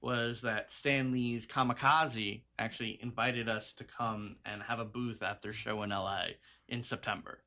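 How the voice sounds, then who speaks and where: Bright-voiced man, upbeat. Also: medium pitch, steady tone, a little slow, few pauses. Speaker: web series creator. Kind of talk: casual podcast chat.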